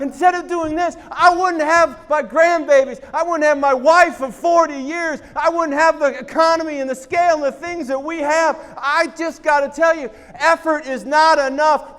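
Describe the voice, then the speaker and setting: An older man in his sixties gives an animated motivational talk, hammering lines through repetition. His voice sits unusually high for a man and jumps into shouts. A long reverb from a large hall trails behind him. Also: normal speed, hardly any pauses, some chatter behind. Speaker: motivational speaker. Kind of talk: motivational stage storytelling.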